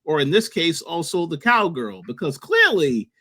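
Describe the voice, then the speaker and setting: A man's voice: a little high, sing-song, normal speed, bright, forceful tone. A man co-hosting a casual podcast chat, giving his opinions plainly, repeating words as he goes. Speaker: podcast co-host.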